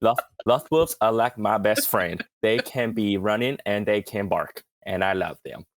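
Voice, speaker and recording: A man putting on a slow southern drawl as a goofy friend gushing about wolves. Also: on the low side, no echo. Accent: American Southern, put on.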